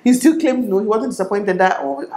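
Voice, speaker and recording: A young woman with a Nigerian accent tells a personal story straight to camera. She talks in an animated, chatty way and acts out the dialogue. The echoey room comes through on the camera mic. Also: fairly high pitch, a little fast, vocal fry. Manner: animated, laughing retelling with quoted dialogue. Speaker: vlogger.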